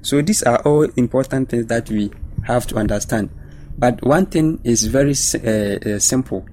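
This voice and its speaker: Man, panel guest, measured, teaching tone. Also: medium pitch, darkish tone, slight background noise. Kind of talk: panel discussion on Bible study.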